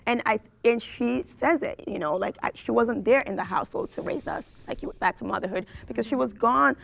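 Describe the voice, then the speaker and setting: A woman's voice: on the high side, a little fast, vocal fry, few pauses, a bit bright. A woman taking part in a group debate, cutting in to push back on the others. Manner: interrupts, argues point by point. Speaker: debate participant. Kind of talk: debate discussion.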